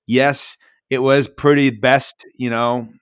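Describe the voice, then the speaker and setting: A man chatting on a podcast, his voice at an ordinary middle pitch and recorded dry and close. He tells stories with animated energy, swears freely and jumps into little impressions. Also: slow, smooth, dry recording. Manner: animated storytelling, swears, mimics a kitten. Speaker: podcast co-host. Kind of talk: casual chat.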